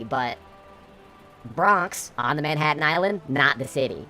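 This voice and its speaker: A woman's voice: low-pitched, animated, a little slow, pushed and bright, soft background music. A woman from upstate New York streaming while gaming, chatting casually and bluntly, swearing freely, through a voice changer.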